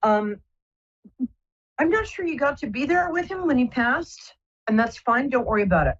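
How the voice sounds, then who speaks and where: Soft-spoken psychic lady on a call-in show, kinda husky, muffled lo-fi sound. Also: high voice, sing-song, normal speed. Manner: gentle, reassuring, rambling with many fillers. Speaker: psychic radio host. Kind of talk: live call-in psychic reading. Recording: muffled lo-fi broadcast audio.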